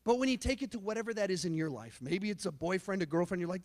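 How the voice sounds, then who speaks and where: A youth pastor giving a sermon in a casual, chatty way, filled with "like". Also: male voice, sits high, animated, quick pace, darkish tone. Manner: casual, chatty preaching with lots of "like". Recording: long hall reverb.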